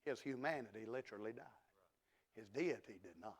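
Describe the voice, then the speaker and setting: A middle-aged man, preaching a sermon in a church and swinging from hushed asides to loud declarations. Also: fairly low pitch, a little fast. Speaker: pastor. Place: church sanctuary.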